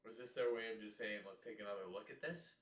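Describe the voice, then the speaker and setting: A man giving casual live reactions to a football game, excitable and exasperated, often repeating himself. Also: lowish voice, fast talker, reverberant, distant mic.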